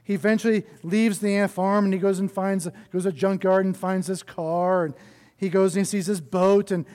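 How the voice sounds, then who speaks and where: A male pastor delivers a sermon in a fairly high voice, telling a story with animated, chatty asides to the congregation. His voice rings out through a church sanctuary with a long reverb tail. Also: fairly quick.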